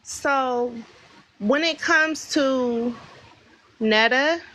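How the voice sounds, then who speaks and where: Flustered, apologetic high-voiced woman. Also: extremely slow, a bit bright, dry recording. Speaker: livestream guest. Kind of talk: livestream argument.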